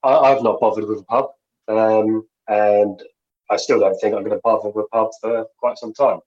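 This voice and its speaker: Low-voiced guy, lots of ums, chill and hesitant, kinda muffled mic. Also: steady tone, moderate pace, a little mellow. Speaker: podcast co-host. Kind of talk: casual chat.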